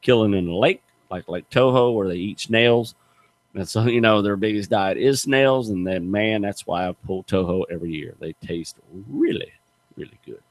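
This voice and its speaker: A man's voice: lowish voice, normal speed. A middle-aged man hosting a radio show, telling stories in a folksy, emphatic way. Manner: animated storyteller, folksy and emphatic. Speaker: radio show host, gator hunter. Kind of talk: casual radio chat, storytelling.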